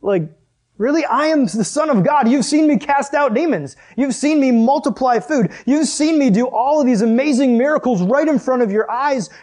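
A man's voice: a little high, a little mellow, slightly rough. A man voicing Jesus as an exasperated adult man who scolds his disciples with emphatic, incredulous questions.

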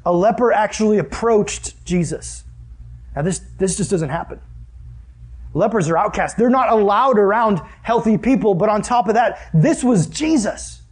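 Husky, high-voiced earnest young preacher. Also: male voice, normal speed. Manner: earnest, conversational preaching with rhetorical questions. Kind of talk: sermon.

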